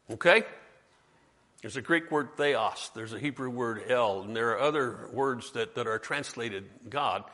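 Joking preacher in an echoing hall. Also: male voice, mid-range voice, unhurried, sharp tone. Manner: conversational, quizzes the congregation, joking asides. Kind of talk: sermon. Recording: long hall reverb.

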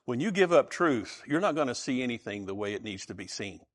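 A man's voice: mid-range voice, very animated, brisk. A man preaching a sermon in a conversational way, asking his listeners questions and telling jokes. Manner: conversational, asks the audience questions, tells jokes.

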